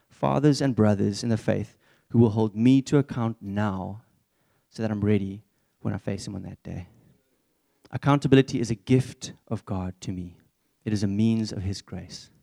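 Young male preacher, relaxed warm timbre, earnest and chatty. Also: on the low side, moderate pace, vocal fry. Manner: earnest, conversational, candid. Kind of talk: church sermon.

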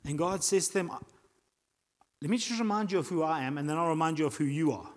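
A man with a South African accent preaching a sermon as pastor, animated, acting out voices and reading scripture aloud. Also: a little high, quick pace. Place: church hall. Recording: long hall reverb.

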